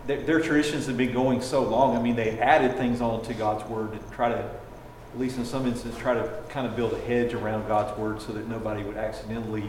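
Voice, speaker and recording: A man's voice: mid-range voice, level tone, fairly quick, a little mellow. Man, class discussion, hedging, thoughtful, roomy reverb, noisy background. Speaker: student in a Bible class.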